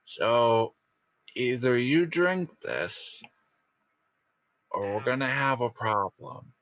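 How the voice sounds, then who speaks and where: A man's voice: medium pitch, expressive, slow, fairly bright tone, no room sound. A man voicing a pushy young man who insists that his friend drink some tea. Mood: insistent. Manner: casual, insistent. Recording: dull lo-fi recording.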